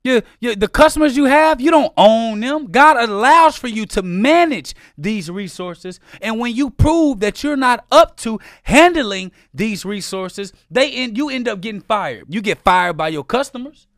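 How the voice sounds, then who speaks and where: A high-voiced man in a casual talk, laying down his points slowly and with emphasis and repeating phrases for weight. He leans on scripture to make his case. The recording is dry and close to the mic. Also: expressive, a bit bright, no room sound.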